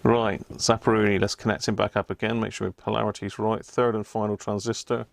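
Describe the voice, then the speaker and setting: While repairing a radio on a live stream, a man chats casually and mutters to himself in a self-deprecating way. His pitch is fairly low and his delivery flat and brisk, with vocal fry and no echo.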